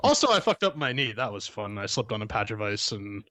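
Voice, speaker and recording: A man's voice: lowish voice, very animated, a little fast, pushed and bright, no echo. A man from Canada co-hosting a gaming podcast, rambling and joking in casual banter. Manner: rambling, joking, repeats words. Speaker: podcast co-host.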